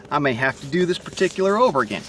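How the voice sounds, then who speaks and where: There's background noise as this vlogger, a man with a Southern accent and a stutter, rambles profanely and bluntly into his phone to camera. His voice is on the high side, sing-song and brisk.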